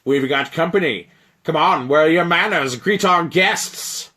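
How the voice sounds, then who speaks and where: A man voicing a huge male frost giant who booms, mocks and lectures in a strained, raised voice. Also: unhurried, bright, forceful tone. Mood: mocking. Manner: booming, mocking and lecturing.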